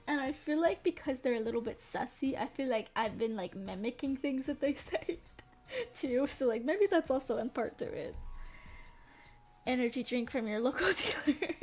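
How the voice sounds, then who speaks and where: A young woman streamer chatting casually, rambling and giggling between her sentences. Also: sits high. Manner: giggly, rambling, laughs often. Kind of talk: casual live-stream chat.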